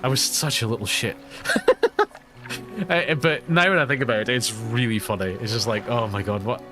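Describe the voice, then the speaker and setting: A man's voice: medium pitch, moderate pace, over music. A Scottish man streaming a game live, telling rambling, chatty stories with frequent laughs. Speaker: gaming streamer. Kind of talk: live let's-play commentary.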